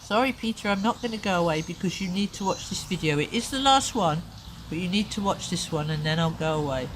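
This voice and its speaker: A woman voicing a small magical man who calmly and firmly refuses to leave, recorded with a noisy background. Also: fairly low pitch, brisk, voice pushed down, close to an everyday voice. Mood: insistent.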